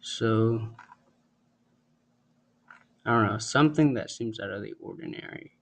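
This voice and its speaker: Man, low and gravelly, thinks aloud through a casual tech walkthrough with a light noise bed. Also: a little slow, a bit bright. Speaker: tech tutorial host. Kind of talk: casual screen-recorded tutorial.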